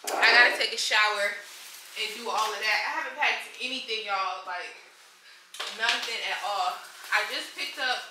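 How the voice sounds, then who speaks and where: A young woman talks fast and casually to her viewers into a small camera, calling them y'all and sounding hurried. Her voice sits in a middle pitch. The room echoes, and a steady background noise runs underneath. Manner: chatty, rushed, addresses viewers as y'all. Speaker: vlogger, nursing student. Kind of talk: casual vlog chat. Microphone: compact camera.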